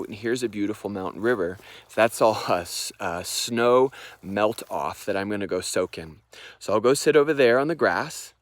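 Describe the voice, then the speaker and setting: A man teaching meditation, talking through breathing techniques in a casual, unhurried way outdoors in the mountains, with pauses, fillers and breathing demonstrations. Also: lowish voice, no echo. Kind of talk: casual explanatory vlog.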